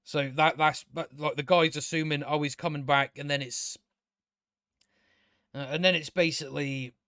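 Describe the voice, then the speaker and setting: A man's voice: a little high, steady tone, moderate pace, a bit bright, clear, resonant tone, no room sound, studio quality. A man giving a casual, ranting review of a show, blunt, sarcastic and profane, often restarting his sentences.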